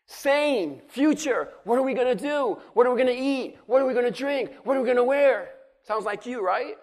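A man with a very high voice preaches a rousing sermon from the pulpit. He stirs up his congregation and keeps asking them to answer him back. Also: animated, moderate pace. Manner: rousing, calls on the congregation to respond. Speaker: pastor.

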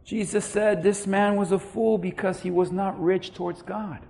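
A man with a very high voice preaching a sermon. He swings from hushed, quiet lines up to loud, emphatic peaks and acts out the people he quotes in his own voice. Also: fairly even intonation, moderate pace, vocal fry. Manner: preaching with dramatic swings in loudness and acted-out quotes. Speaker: pastor.

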